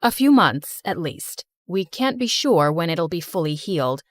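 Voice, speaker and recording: A woman voicing a calm hospital doctor who speaks in a measured, matter-of-fact way. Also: lowish voice, dry recording, clean studio sound. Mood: serious.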